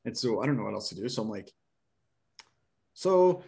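A young man from Nebraska, a podcast guest, telling an animated, rambling story full of "like" and restarts. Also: on the low side, very fast, creaky. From Nebraska, USA. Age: young adult. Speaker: podcast guest, door-to-door book seller.

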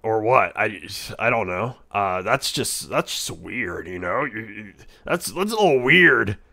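A man voicing a brash, hot-headed male echidna in a live-stream role-play, rambling, stammering and crude, quick to yell. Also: fairly low pitch, animated, gravelly, full character voice. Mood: rambling banter.

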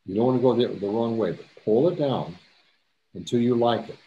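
A man's voice: mid-range voice, fairly quick, muffled recording. A man teaching a step-by-step photo editing tutorial, chatty, repeating himself and dropping jokey asides. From Canada. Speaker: photography instructor. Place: presentation to a camera club.

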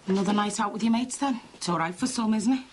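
An actress as a sharp-tongued aunt. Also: female voice, medium pitch, fast talker, natural voice. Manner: sharp, scolding. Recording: noisy TV drama audio.

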